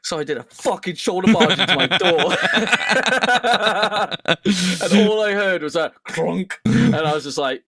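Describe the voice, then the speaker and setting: A man's voice: high voice, animated, a little slow, pushed and bright, dry recording. A young man chatting casually on a podcast, telling stories animatedly, acting out the quotes and swearing a lot. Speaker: podcast co-host. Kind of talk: casual chat.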